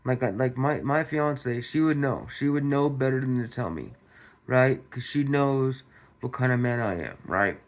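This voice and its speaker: Male commentary host, unhurried delivery, mid pitch, repetitive rhetorical style. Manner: repetitive, restarts, rhetorical questions to viewers. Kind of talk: casual commentary monologue.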